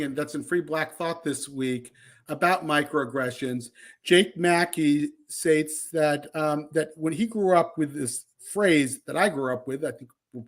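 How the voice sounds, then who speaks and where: Man, high voice, thoughtful, conversational, podcast co-host. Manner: thoughtful, loose storytelling with fillers.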